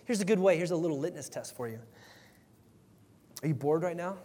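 A man's voice: on the high side, lively intonation, a little fast, warm tone. A male pastor giving an earnest, conversational sermon, often restarting his sentences. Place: church sanctuary. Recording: long hall reverb.

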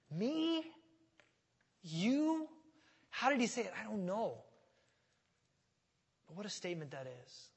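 A male pastor delivering a sermon, talking conversationally and then building to loud, emphatic stretches. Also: high-pitched, slightly rough, long reverb tail. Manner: conversational preaching that swells to loud, emphatic passages.

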